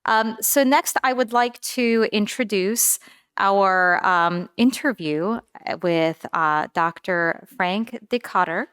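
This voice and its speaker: Crisp, dry-voiced woman moderator. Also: medium pitch, a bit bright, no echo. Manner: polite, with hesitant fillers. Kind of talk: event moderation.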